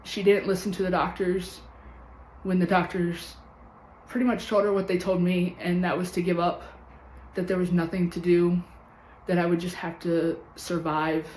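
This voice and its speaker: A woman's voice: fairly low pitch, flat delivery, a little mellow. Woman in her thirties, roomy echo. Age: 30s. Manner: earnest and candid, long run-on story with many pauses. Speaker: vlogger telling her own story. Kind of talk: personal storytelling to camera. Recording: roomy echo with faint background hum.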